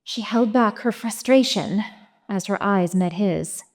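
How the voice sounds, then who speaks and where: A woman's voice: mid-range voice, unhurried. A woman expressively narrating a story aloud at a live reading. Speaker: story reader.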